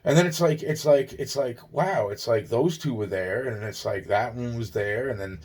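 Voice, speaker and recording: A man's voice: mid-range voice, normal speed, a little mellow, breathy edge. Agitated, cursing man from Long Island. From Long Island, New York. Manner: agitated, profane, repeats himself, restarts. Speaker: vlogger. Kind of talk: rambling personal monologue.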